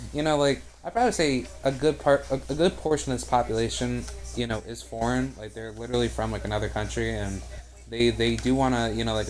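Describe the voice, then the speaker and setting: Rambling, profane young man. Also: mid-range voice. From United States. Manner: rambling, profane, heavy on "like" and "you know". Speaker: video game streamer. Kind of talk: live gameplay commentary and casual chat.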